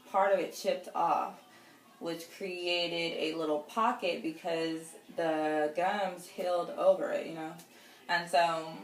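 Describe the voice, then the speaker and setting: A woman in her thirties casually telling a personal story, rambling with lots of fillers. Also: low voice. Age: 30s. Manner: chatty, rambling, many fillers and laughs. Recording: roomy echo, distant from the mic, faint noise.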